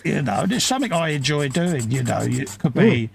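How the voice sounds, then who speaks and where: A man's voice: a little high, very animated, fairly quick, creaky. A man co-hosting a live stream, chatting in a rambling way with lots of "you know". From United Kingdom. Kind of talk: casual live stream chat.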